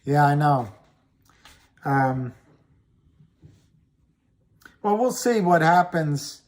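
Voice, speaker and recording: A man hosting a casual livestream, chatting slowly and rambling while reading viewer comments aloud. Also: a little high, animated. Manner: slow, rambling, reads chat comments aloud. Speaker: livestream host. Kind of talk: casual livestream chat about stocks.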